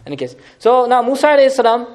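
Male religious teacher, lively storyteller, quick and high-pitched. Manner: lively, laughing asides, dramatic retelling. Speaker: Islamic teacher. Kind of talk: animated lecture on scripture.

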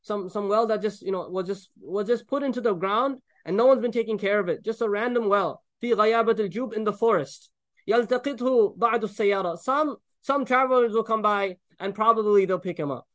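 A man preaching a sermon, explaining Quran verses with Arabic recitation, animated and joking as he acts out the people in the story. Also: high-pitched, very fast. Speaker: Islamic preacher.

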